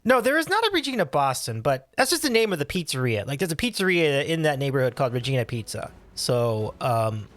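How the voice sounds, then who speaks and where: A man hosting a casual livestream, reading and answering chat with upbeat, animated talk and frequent laughs. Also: medium pitch, a little fast, few pauses. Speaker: livestream host.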